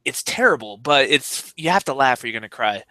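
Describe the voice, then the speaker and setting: A man's voice: medium pitch, lively intonation, a little fast, bright, forceful tone, no room sound. A man co-hosting a podcast, reading passages aloud and breaking in with indignant, joking comments. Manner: reads passages aloud, then adds indignant asides. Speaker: podcast co-host.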